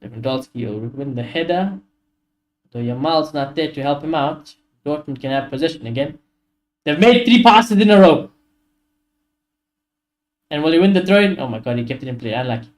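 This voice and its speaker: A fired-up man streaming a live football watchalong, his voice sitting a little higher than most men's. He calls the play as it happens, curses freely and vents his frustration to his chat. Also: moderate pace, long pauses. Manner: excitable, frustrated, swears often, talks to chat.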